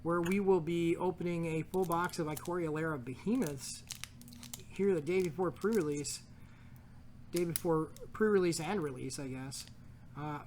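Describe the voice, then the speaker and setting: Brief: man, slightly high voice, casual host reading card text, joking, faint room noise. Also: normal speed, a little mellow. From United States. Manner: reads card text aloud, jokey, stumbles over words. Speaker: card shop host opening packs. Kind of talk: casual pack-opening commentary.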